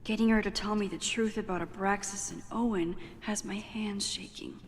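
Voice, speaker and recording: A thoughtful young woman, voiced by an actress, murmurs her inner monologue in a hushed, reflective tone. Her voice sits at an ordinary middle pitch. A long reverb trail and a faint background hiss hang around her words. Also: steady tone, moderate pace, natural voice. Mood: musing. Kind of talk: video game inner monologue.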